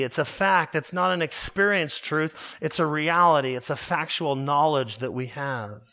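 Emphatic, bright-voiced male preacher. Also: on the high side. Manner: earnest, emphatic, explains Greek grammar at length. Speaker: pastor. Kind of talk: expository sermon.

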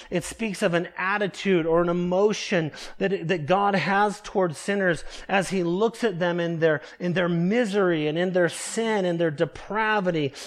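Slow, high-voiced male preacher. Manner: slow, emphatic phrasing with drawn-out key words. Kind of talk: expository sermon.

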